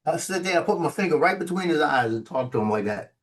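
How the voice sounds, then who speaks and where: A man's voice: a little high, animated, fast talker. A man on a live show, retelling a story in an exasperated, mock-scolding way over a remote call mic. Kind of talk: casual chat, animated storytelling. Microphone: remote call mic with noise cancellation.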